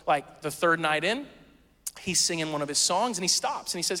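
A man preaching a sermon, telling a story in a casual, self-mocking and animated way. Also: on the high side, normal speed, in a large hall. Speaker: pastor.

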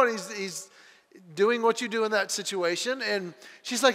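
A man preaching a sermon, telling stories and acting out the voices in them, swinging from loud bursts to quiet, earnest passages. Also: high-pitched, normal speed, in a large hall. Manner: animated storytelling, acting out voices with big swings in loudness. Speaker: pastor.

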